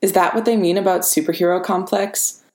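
An anxious teenage boy hero in an audiobook, halting and unsure, voiced by a woman reader. The voice stays fairly low and comes through with a roomy echo. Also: steady tone, darkish tone, close to an everyday voice. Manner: hesitant and halting. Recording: roomy reverberant room.

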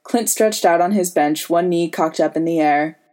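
A woman reads a story aloud in a calm, even way. Her voice sits low and sounds mellow and warm. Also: normal speed. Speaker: audiobook reader. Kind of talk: fan fiction audiobook narration.

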